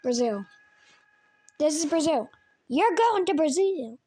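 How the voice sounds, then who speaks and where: High-voiced woman giving offhand jokey verdicts. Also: animated, slow pace, dark tone, a little hiss or hum. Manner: offhand, joking, blunt verdicts. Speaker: video creator rating alarm sounds. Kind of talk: casual reaction commentary.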